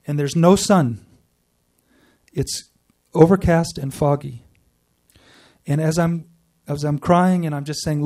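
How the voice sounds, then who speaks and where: Earnest and mellow, a man offers his spiritual testimony to a group in a slightly high voice with fairly even intonation. The mic is distant, and he pauses and restarts throughout.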